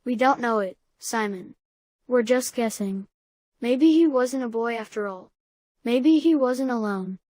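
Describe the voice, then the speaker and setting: Thoughtful doubting girl read by a woman; a bit high, dry close audiobook sound. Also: unhurried, a little mellow, dry recording, lightly acted. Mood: doubtful. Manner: reasoning, doubtful. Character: skeptical, thoughtful girl Emmy.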